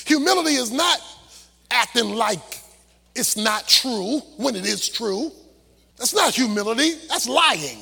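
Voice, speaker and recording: A middle-aged male pastor preaching a sermon with an impassioned, shouting, half-sung cadence. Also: very high voice, expressive, a little slow, vocal fry, breathy edge. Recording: long hall reverb, faint music.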